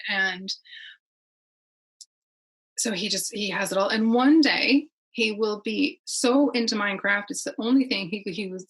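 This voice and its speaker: A middle-aged woman talks easily as a podcast guest, rambling from one thought to the next and breaking into laughs. Her voice is husky and a little breathy. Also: mid-range voice, fairly bright tone, low-quality recording. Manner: chatty, rambling, laughs often. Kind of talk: casual conversation.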